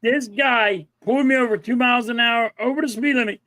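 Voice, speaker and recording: This Philly-accented, middle-aged podcast co-host has a very high voice and talks fairly quickly on an echo-free recording. He spins lively stories in casual chat, performing the quotes and cursing freely.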